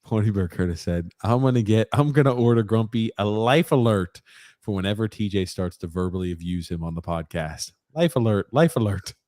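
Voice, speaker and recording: A man chats loosely as a podcast co-host, reading viewer comments aloud with plenty of ums and uhs. His voice sits low. The sound is dry and close. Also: expressive, brisk, warm tone, no room sound. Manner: rambling, lots of fillers. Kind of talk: casual chat, reading live comments.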